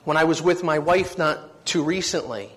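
A man's voice: fairly high pitch, normal speed, a little hiss or hum. A man preaching a sermon, telling his own story in an earnest, heartfelt way that swells with feeling. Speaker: preacher giving testimony.

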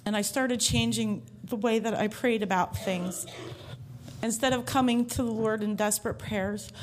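A woman's voice: a little high, steady tone, moderate pace. A woman giving a heartfelt personal faith testimony to a church congregation, telling her story earnestly from the stage.

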